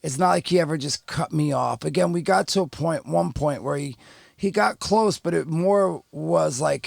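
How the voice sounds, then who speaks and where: A man's voice: a little high, normal speed, gravelly, no echo, clean studio sound. A middle-aged man, telling a story candidly and rambling as a podcast guest, full of fillers and restarts. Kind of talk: casual storytelling.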